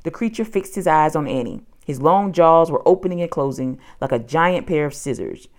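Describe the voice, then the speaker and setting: A woman narrating a children's audiobook with an expressive storytelling delivery. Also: low voice, moderate pace.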